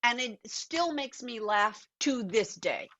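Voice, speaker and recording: An older woman, a guest actor and author, telling animated, reflective stories in a conversational interview over a video call. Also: on the high side, slow, muffled recording.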